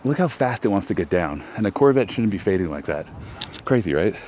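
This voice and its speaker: On a disc golf course, this host from Texas, US, chats through a casual vlog, poking fun at himself as he goes on about his throws. He has a deep, sing-song voice that's brisk and a little mellow, with slight background noise.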